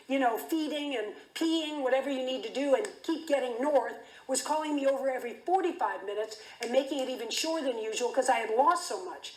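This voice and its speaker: A woman giving a keynote speech, telling an intense story vividly with frequent restarts. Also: sits high. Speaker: keynote speaker. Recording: roomy echo.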